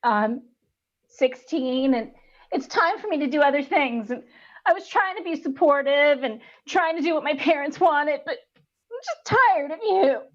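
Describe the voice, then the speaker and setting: Woman playing a worn out teen skater girl, lots of ums, high, kinda muffled. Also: moderate pace. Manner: hesitant, filler-heavy. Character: tired sixteen-year-old girl skater. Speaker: improv performer. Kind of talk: improv scene on a video call. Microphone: video call.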